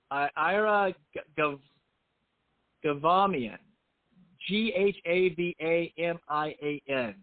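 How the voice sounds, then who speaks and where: A man's voice: fairly high pitch, dry recording. A middle-aged man, a film writer and director, talking casually in an interview, rambling and self-deprecating with many restarts. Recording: tinny phone-like line.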